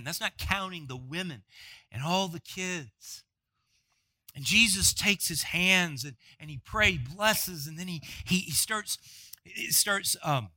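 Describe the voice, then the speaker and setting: Guy preaching a sermon, really bright sharp voice, dry close sound, keeps repeating words. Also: high-pitched, dry recording. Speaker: pastor.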